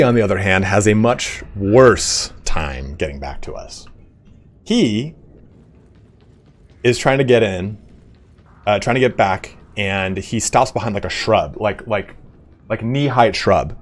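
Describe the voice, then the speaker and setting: A young man, a gaming streamer, telling a story in casual chat, animated and swearing often. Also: fairly low pitch.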